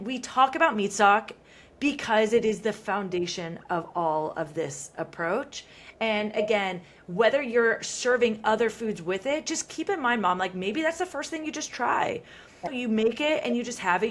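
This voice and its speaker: A woman in her thirties hosting a podcast, talking in a chatty, animated way full of "like" fillers. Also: medium pitch, moderate pace. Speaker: podcast host. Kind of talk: casual conversational chat.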